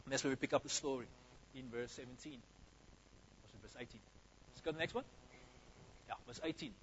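This is a male preacher, delivering an energetic, conversational sermon. His voice sits high for a man and has a husky edge. The recording is slightly dull and muffled. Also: a little fast, long pauses. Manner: energetic, conversational, addresses the congregation directly.

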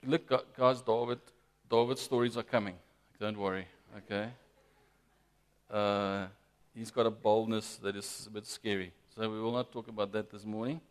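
A man preaching a sermon as pastor, emphatic and lively, often addressing the congregation directly. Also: on the low side, moderate pace, clear, resonant tone. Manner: lively, emphatic preaching with frequent "guys" and "amen".

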